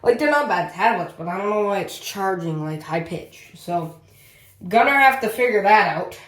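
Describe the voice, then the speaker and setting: A man's voice: high voice, animated, normal speed, fairly bright tone. A man casually reviewing a power bank on his channel, rambling and often repeating himself as he talks through the tests. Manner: rambling, repeats "as you can see". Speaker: tech reviewer. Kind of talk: casual product review vlog.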